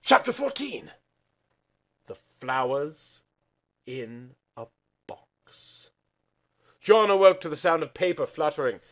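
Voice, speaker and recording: Give me a man reading aloud in a hammy, melodramatic way with wide pitch swings. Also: big pitch swings, takes it slowly, long pauses, fairly bright tone. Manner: over-the-top, melodramatic delivery. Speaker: channel host reading aloud. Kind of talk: comic dramatic reading.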